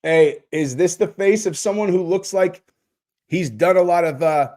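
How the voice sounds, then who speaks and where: A male host talking in casual livestream commentary, loose and profane, jumping between jokes and asides to his viewers. His voice sits a little higher than most men's. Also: moderate pace, a little mellow. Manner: rambling, profane, jokey.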